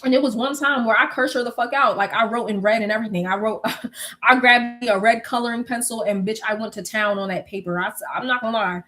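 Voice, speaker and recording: A young woman telling stories in a casual, animated way, swearing freely and laughing often. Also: fairly high pitch, quick pace. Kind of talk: casual storytelling chat.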